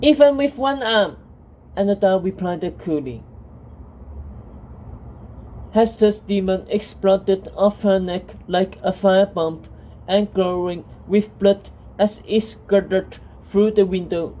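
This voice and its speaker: A woman narrates a fantasy story in a calm, steady reading voice. She takes her time with each line, and her tone is dark and mellow. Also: medium pitch, slow, a little hiss or hum, rough recording.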